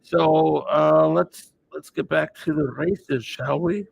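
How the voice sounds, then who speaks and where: A man casually chatting to viewers on a live stream, rambling in a relaxed way. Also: a little high, slow pace, vocal fry, a little hiss or hum, rough recording.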